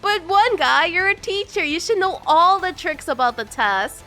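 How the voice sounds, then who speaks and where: A woman streaming live, chatting casually with her viewers, bubbly and chatty, greeting them in a high sing-song and often laughing. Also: lively intonation, normal speed, bright, forceful tone, faint music behind.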